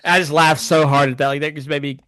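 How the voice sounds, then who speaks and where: A man's voice: fairly high pitch, flat delivery, fast, sharp tone. A man hosting a casual film podcast, talking in a chatty, rambling way. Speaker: podcast host.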